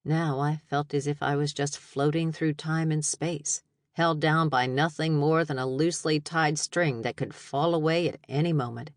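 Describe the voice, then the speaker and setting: A woman narrating a first-person audiobook in an expressive, wry storytelling manner. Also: low voice, moderate pace, no echo. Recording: dry studio narration.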